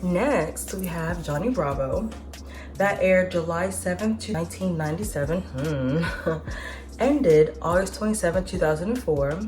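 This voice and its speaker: A woman's voice: on the low side, expressive, normal speed, music in the background, a crowd in the background. A woman in her twenties hosting a casual vlog, chatting in a slangy, profane way with side remarks. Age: 20s. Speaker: vlogger host. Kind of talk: casual nostalgic chat.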